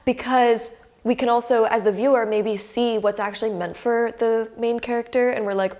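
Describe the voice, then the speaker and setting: A woman's voice: on the high side, moderate pace, darkish tone. A young woman giving a casual pick-a-card tarot reading to her camera. She talks in an effusive, emotional way and says "like" a lot. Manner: chatty and effusive, heavy use of "like", emotional. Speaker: tarot reader. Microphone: camera close by.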